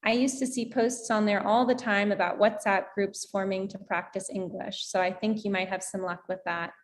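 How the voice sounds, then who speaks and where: An American woman, an English teacher and guest, explaining pronunciation in a lively way and demonstrating with examples. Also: mid-range voice, moderate pace. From United States. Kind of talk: explanatory conversation.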